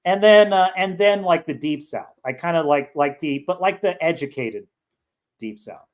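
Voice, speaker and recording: A man's voice: a little high, animated, normal speed. Rambling Californian man hosting a livestream. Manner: rambling, joking, reads chat aloud. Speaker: livestream show host. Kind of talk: casual livestream commentary.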